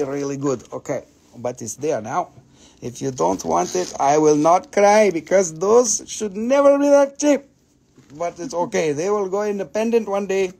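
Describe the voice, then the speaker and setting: A man with a notably high voice hosts a live stream, rattling off prices for stones on his table. He talks in an excitable, joking way, gushing over each piece as he goes. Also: vocal fry. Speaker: host selling minerals on a live stream.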